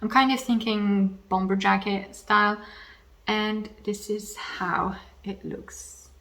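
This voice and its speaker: A woman's voice: mid-range voice, fairly even intonation, takes it slowly, a bit bright. A woman hosting a knitting podcast in casual, rambling chat at home, slightly losing her voice, with self-deprecating asides.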